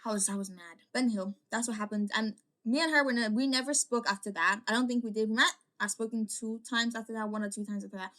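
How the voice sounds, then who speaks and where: Fast, bright-voiced young woman telling a story. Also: fairly high pitch. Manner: rambling, full of "like" fillers and restarts. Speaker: storytime vlogger. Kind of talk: casual storytime.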